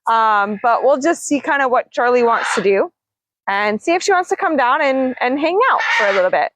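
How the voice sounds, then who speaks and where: A woman's voice: fairly high pitch, animated, brisk, fairly bright tone, lo-fi sound, slight background noise. A woman hosting a casual livestream as a parrot trainer, chatting with viewers and cooing to her birds in a singsong voice. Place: outdoors.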